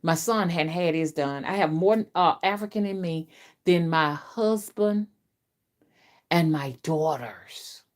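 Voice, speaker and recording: A middle-aged woman, a spiritual reader, talking to her viewers in a casual, rambling live-stream chat, often repeating herself, her voice rising and dropping sharply. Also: slow. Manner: chatty, repetitive, with big swings in pitch and loudness. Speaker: spiritual reader and channel host.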